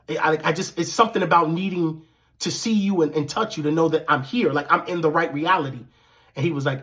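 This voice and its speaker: Male vlogger, slightly high voice, casual storytelling, animated and profane, acts out quoted lines. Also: fast talker.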